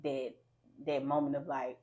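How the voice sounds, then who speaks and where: A woman podcast host telling an animated personal story in casual chat. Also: extremely low pitch, unhurried. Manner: animated storyteller, lively quoted voices. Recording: slightly dull lo-fi sound.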